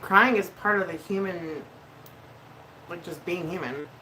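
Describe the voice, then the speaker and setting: A woman's voice: fairly low pitch, a little slow, bright, forceful tone, a little hiss or hum, poor audio. Emotional woman venting on a livestream. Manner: emotional, venting, swears freely, laughs often. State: emotional, near tears. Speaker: livestream host. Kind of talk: casual livestream chat while doing makeup.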